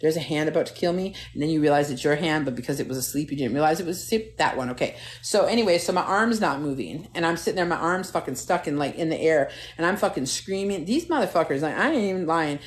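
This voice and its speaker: A woman's voice: sits low, fast, hardly any pauses. A middle-aged woman hosting a live stream from a phone at home, chatting casually and telling stories with lots of swearing, talking straight to her viewers. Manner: animated, profane, talks straight to viewers. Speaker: TikTok live host.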